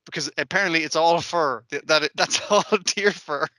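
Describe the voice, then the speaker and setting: A man co-hosting an anime podcast, chatting casually with lots of swearing and acting out scenes in quick asides. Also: a little high, no room sound. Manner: profane, animated, acts out characters in quick asides. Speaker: podcast co-host. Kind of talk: casual chat recapping an anime.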